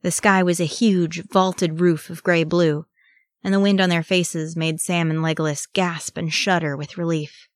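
Woman reading a story in a low voice. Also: little pitch movement, measured pace, dry recording, clean studio sound. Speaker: audiobook reader. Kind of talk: reading fan fiction aloud.

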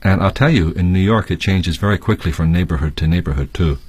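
A man's voice: sits low, fast talker, darkish tone, breathy edge, no echo. A Canadian man with a Canadian accent, a guest teacher reading a text and explaining with examples. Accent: Canadian English. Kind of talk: reading text and classroom chat.

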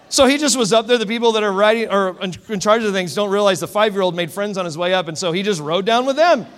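A man preaching a sermon as a pastor, telling stories in an animated way that swings between loud and hushed. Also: sits high, fast talker, few pauses. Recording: echoey hall.

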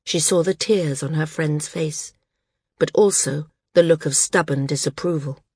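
A woman narrating a fantasy audiobook in a steady, measured way. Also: low voice, slightly rough, no echo, studio quality. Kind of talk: scripted narration.

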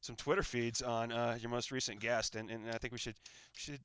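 Bright, clear-voiced podcast co-host. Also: male voice, mid-range voice, steady tone, a little fast, no room sound. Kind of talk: casual podcast chat.

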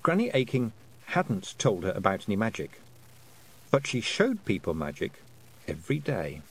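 Lively male audiobook narrator. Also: fairly low pitch, normal speed, breathy edge. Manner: lively, expressive storytelling. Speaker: audiobook reader.

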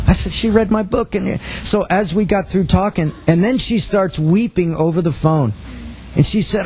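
Husky man telling a story in a teaching talk. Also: high voice, lively intonation, moderate pace, rough recording. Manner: earnest, storytelling, quotes others in dialogue. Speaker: missions teacher.

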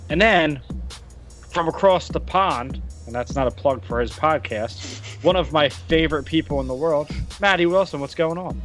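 Excitable man hosting a podcast. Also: on the high side, moderate pace, soft background music. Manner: excitable storyteller, laughs often. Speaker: podcast host. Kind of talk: casual chat.

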